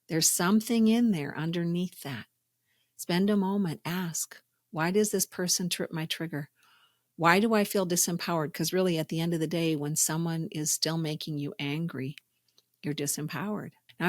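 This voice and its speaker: A woman's voice: lowish voice, no room sound, clean studio sound. A woman hosting a spiritual self-help podcast, talking in an earnest, reflective way and telling stories. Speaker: podcast host.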